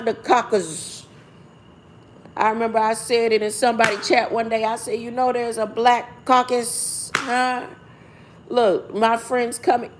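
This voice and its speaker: A woman reading a text aloud and musing over it in a casual, rambling way. She often asks a rhetorical "huh?" and corrects herself as she goes. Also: a little high.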